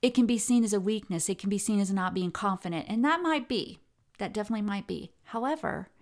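A woman's voice: mid-range voice, quick pace. Chatty woman giving a lecture. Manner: conversational, with many fillers and self-corrections; animated, reads quotes aloud with expressive intonation. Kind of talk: recorded lecture on language and gender.

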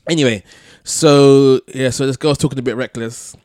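A man telling a long personal story on a podcast, full of restarts and soft laughs. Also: medium pitch, fairly even intonation, normal speed, no room sound, studio quality. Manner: rambling, many restarts, laughs between phrases. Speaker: podcast co-host. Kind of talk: casual storytelling chat.

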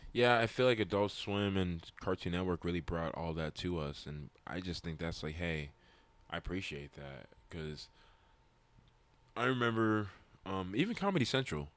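A young man in casual chat, rambling and animated, swearing now and then. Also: deep voice, moderate pace.

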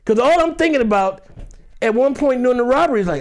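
A man's voice: very high-pitched, fast. A male actor from Detroit telling a dramatic personal story in a chat and acting out every voice. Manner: animated, acts out every voice in the story.

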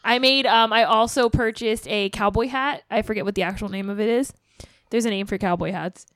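A woman's voice: medium pitch, fairly even intonation, fairly quick, fairly bright tone, dry recording, clean studio sound. A young woman chatting casually as a podcast co-host, rambling and laughing often. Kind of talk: casual chat.

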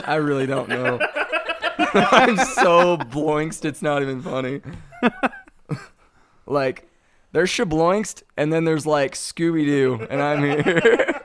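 Giggly slow-talking man cracking crude jokes. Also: a little high, sing-song, crowd noise. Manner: giggly, crude joking, frequent laughter. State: high. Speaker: podcast co-host. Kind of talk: rowdy casual chat among friends.

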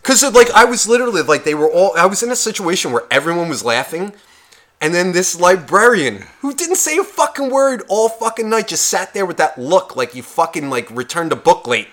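Male podcast co-host, bright ringing tone, loose profane storyteller. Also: high voice, normal speed. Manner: rambling, heavy swearing, animated retelling.

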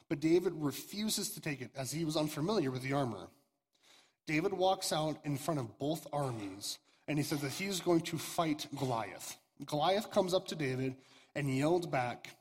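A young man, a youth pastor, retelling a scripture story to teenagers in a casual, halting way with fillers and restarts. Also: on the high side, breathy edge. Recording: reverberant hall.

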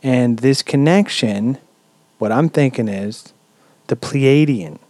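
A man's voice: medium pitch, slow, no room sound. Swearing laid-back podcast guy, dry mic. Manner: relaxed, swears freely, many "um"s. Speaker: podcast host. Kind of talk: casual podcast storytelling.

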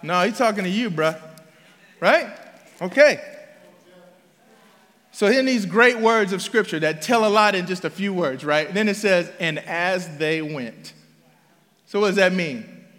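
A man's voice: high-pitched, a little slow, long pauses, fairly bright tone, in a large hall. A male pastor preaching a conversational sermon, casually slangy and quizzing the congregation with rhetorical questions. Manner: slangy, drops in "bruh" and "right?".

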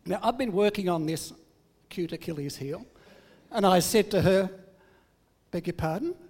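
A man's voice: high voice, normal speed, a little mellow, in a large hall. An older man giving a sermon, telling family stories in a humorous, self-deprecating way. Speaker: preacher.

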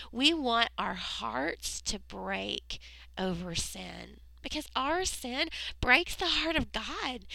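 Slow, gravelly-voiced woman teaching kids. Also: fairly high pitch, pushed and bright, dry recording, poor audio. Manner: slow, earnest storytelling that drops into whispers for emphasis. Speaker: children's Bible teacher. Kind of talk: Bible lesson read aloud to kids.

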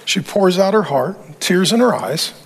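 A middle-aged male pastor preaching with a high, ringing voice. He drives his points home with punchy repeated phrases and slips in dry humor. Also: lively intonation, unhurried, vocal fry. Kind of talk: sermon.

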